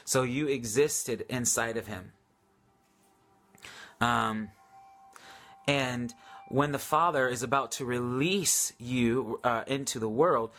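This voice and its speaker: A man's voice: mid-range voice, fairly bright tone. A man hosting a casual live question-and-answer session on faith, enthusiastic and hesitant, with many ums and restarts. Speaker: host answering viewer questions.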